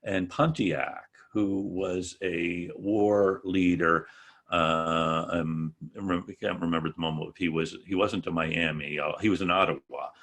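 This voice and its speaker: A man's voice: low voice, flat delivery, unhurried, fairly bright tone. A man giving an online history lecture over a video call, joking and correcting himself as he goes. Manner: digressive, joking asides, self-correcting.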